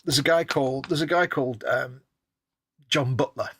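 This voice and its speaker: A man's voice: mid-range voice, moderate pace, fairly bright tone, husky. A man co-hosting a live stream, chatting casually and wryly while building models. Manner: chatty, rambling, wry.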